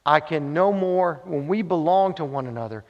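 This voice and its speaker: A man's voice: fairly high pitch, animated, moderate pace. A male pastor preaching a sermon, telling a story and returning to short repeated refrains for emphasis. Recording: dull sound with long hall reverb.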